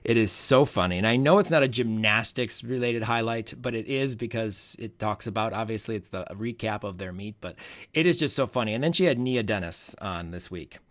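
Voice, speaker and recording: A man co-hosts a podcast, chatting casually and rambling about college gymnastics with lots of fillers and restarts. His voice is fairly low in pitch, fairly quick, and a bit bright.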